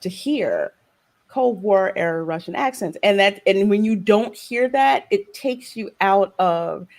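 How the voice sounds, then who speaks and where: A woman's voice: medium pitch, animated, unhurried, gravelly, darkish tone. A woman co-hosting a casual podcast, talking in an emphatic way and asking pointed questions. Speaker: podcast co-host.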